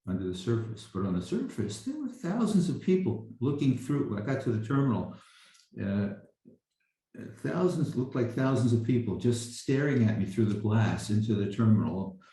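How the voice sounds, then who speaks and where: A man's voice: fairly low pitch, very animated, normal speed, warm tone. Man telling a story in an echoey room. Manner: rambling, with frequent restarts and fillers. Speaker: speaker sharing a memory. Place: home, recorded over a video call.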